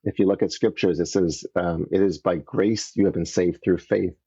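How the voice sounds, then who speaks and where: A man from Canada, a podcast guest, telling his story in an earnest, animated way and acting out the voices he quotes, on dull lo-fi audio. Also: low-pitched, moderate pace, breathy edge. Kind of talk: casual storytelling interview.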